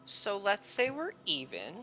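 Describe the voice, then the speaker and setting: A man's voice: high voice, huge pitch swings, a little slow, bright, forceful tone, slight background noise, voice pushed up, exaggerated voice. A man voicing a cool, menacing warlock woman. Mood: curt. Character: female warlock adventurer, cool and threatening.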